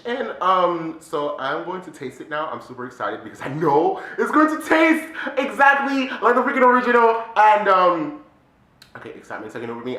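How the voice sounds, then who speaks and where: A man chatting excitedly in a casual DIY vlog, full of fillers and exclamations. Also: fairly high pitch, fairly quick, reverberant. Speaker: DIY candy vlogger.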